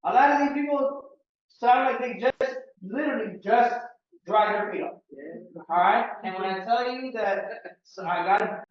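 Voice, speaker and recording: A man's voice: extremely high pitch, normal speed. A man from Miami leading a sales team training, casual and joking with the room. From Miami, United States. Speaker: real estate sales trainer. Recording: roomy, distant, dull meeting-room audio.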